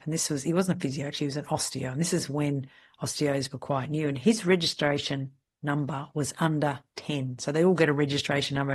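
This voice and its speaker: A woman's voice: low voice, breathy edge. Candid Australian woman telling stories. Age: middle-aged. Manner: lively, candid anecdotal storyteller. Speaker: podcast host, salon mentor. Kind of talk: casual storytelling chat.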